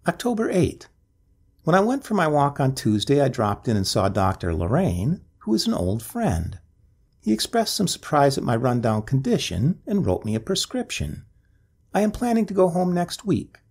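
A man's voice: mid-range voice, huge pitch swings, moderate pace, a little mellow, breathy edge. A man reading a ghost story aloud as scripted narration, with a dramatic, swooping delivery.

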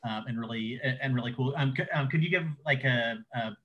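A man's voice: mid-range voice, brisk, a bit bright, highs cut off. A man hosting a casual interview, stuttering with many repeated words and fillers. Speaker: interview host.

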